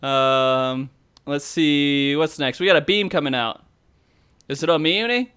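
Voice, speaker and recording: A man hosting a podcast, giving casual, animated play-by-play commentary over gameplay footage, laughing and swearing as he goes. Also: on the high side, measured pace, clear, resonant tone. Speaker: podcast host.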